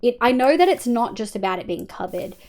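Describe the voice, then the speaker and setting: A woman's voice: on the high side, lively intonation, a little fast, darkish tone. An Australian woman streaming a game live, talking casually and swearing often as she chats with viewers over a headset.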